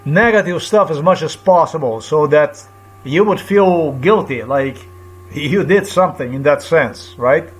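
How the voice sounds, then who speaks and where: A man vlogging a rambling personal account, halting and repetitive as he searches for words, and agitated and indignant. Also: a little high, slightly rough.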